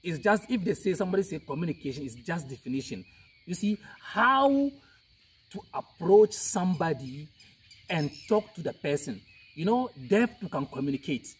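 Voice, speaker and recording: A man's voice: on the high side, animated, moderate pace, husky, recorded from a distance. A man giving informal advice on communication, emphatic and full of "you know", acting out friendly greetings. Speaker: guest speaker on communication.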